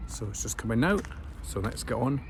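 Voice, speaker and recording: A Scottish man narrates his day out for a travel vlog, chatting easily and wandering off track with lots of ums. His voice sits mid-range, recorded handheld outdoors. Street and traffic noise runs clearly underneath. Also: mid-range voice, animated, a little fast. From Scotland. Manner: chatty, rambling with frequent fillers. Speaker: travel vlogger. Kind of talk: casual walking vlog narration. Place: outdoors in town streets and station, rainy.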